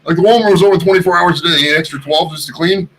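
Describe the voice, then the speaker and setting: A man's voice: sits high, rapid-fire, fairly bright tone, a little hiss or hum, rough recording. A man co-hosting a podcast, bantering crudely and swearing freely with friends. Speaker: podcast co-host. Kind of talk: casual banter among friends.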